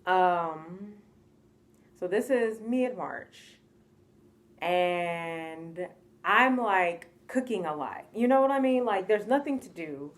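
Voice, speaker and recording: A young woman from the United States telling a casual storytime vlog, animated and exasperated, acting out what people said to her. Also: on the low side, slow pace.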